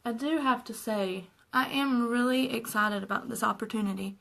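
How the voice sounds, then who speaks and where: A woman's voice: fairly high pitch, normal speed, creaky, fairly bright tone, rough recording. A young woman chatting casually and earnestly while doing her makeup at home in a tutorial vlog. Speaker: makeup vlogger.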